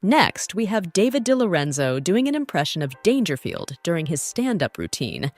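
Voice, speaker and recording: A woman reading scripted voice-over, briskly introducing each clip. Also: fairly low pitch, very animated. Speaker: narrator. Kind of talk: scripted narration.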